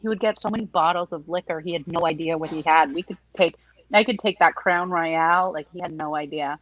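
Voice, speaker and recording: A woman's voice: on the low side, brisk, a bit bright, highs cut off. A woman from Canada chatting on a group show, playful and teasing with the others. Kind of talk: casual chat.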